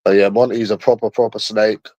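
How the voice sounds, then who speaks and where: A man's voice: lowish voice, little pitch movement, fairly quick, warm tone, no echo. A man streaming alone, rambling in a casual, mocking monologue full of swearing. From London. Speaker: livestreamer.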